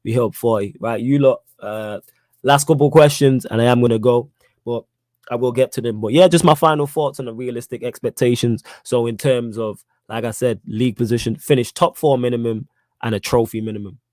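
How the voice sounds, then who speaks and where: A man's voice: medium pitch, steady tone, a little fast, a little mellow, dry recording. A young man hosting a live football podcast, reading chat questions in a slangy, emphatic way and repeating his points. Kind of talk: casual live-stream chat.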